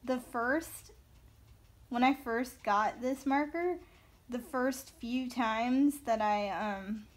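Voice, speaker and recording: A woman in her thirties, from the American South, chatting casually and giggling as she colors for her viewers. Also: fairly high pitch. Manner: chatty, giggly, slow-paced. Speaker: coloring video host. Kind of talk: casual chat while coloring.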